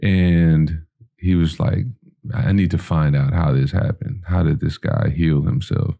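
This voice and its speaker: Rambling casually through a long personal story on a podcast, a guest leans on fillers like "you know" and "like" and acts out what others said. His very deep voice is steady, unhurried, creaky and warm.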